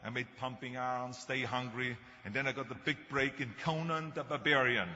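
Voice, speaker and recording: A man's voice: mid-range voice, steady tone, moderate pace, sharp tone. An older man with a thick Austrian German accent gives a motivational speech, telling stories with dry humor. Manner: storytelling with humor. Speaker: speaker. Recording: muffled hall recording.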